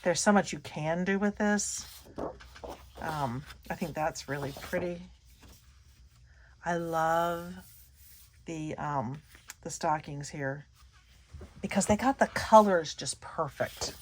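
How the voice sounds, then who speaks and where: Lady showing off craft paper, chatty, kinda low voice, keeps losing her sentences. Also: slow pace, pauses often, a little hiss or hum. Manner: chatty, gushing, trails off mid-sentence. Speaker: scrapbooking channel host. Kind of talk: casual show-and-tell chat.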